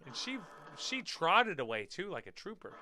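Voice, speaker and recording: A man hosting his own show, reacting to dash cam videos with loud swearing outbursts and quiet muttered asides. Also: high-pitched, very animated, normal speed, soft background music. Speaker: podcast host.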